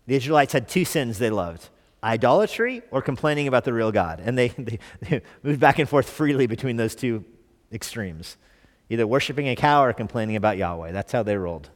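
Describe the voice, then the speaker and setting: A man's voice: medium pitch, animated, fairly quick. Man preaching a conversational sermon in a reverberant church. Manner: conversational, asks the congregation questions. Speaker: pastor.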